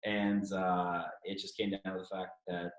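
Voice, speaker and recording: A man's voice: deep voice, little pitch movement, measured pace, creaky. A man from Toronto in his thirties, telling his story candidly as an interview guest, swearing freely and acting out what others said. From Toronto, Canada. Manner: candid, swears freely, acts out quoted speech. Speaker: guest, former hockey player. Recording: echoey room.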